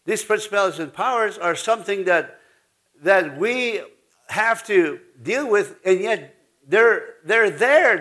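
A man's voice: high voice, pushed and bright. A man preaching a sermon, telling rambling stories with restarts, laughter and many asides. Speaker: pastor.

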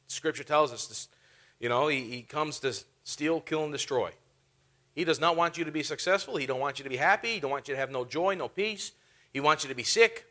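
A man's voice: on the high side, sharp tone. A man preaching a sermon, telling a funny story and laughing often as he talks. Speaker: pastor.

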